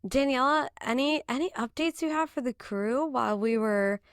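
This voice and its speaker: A woman's voice: high-pitched, moderate pace, smooth, dry recording, clean studio sound. A young woman hosting a casual motorsport podcast, bubbly and laughing often. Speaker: podcast host. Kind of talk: casual chat. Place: home, in Boston.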